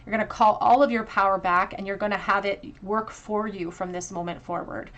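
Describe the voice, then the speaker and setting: A woman giving a tarot card reading to her viewers, earnest and emotional, often pausing with fillers and restarts. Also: medium pitch, steady tone, fairly bright tone. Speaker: tarot reader.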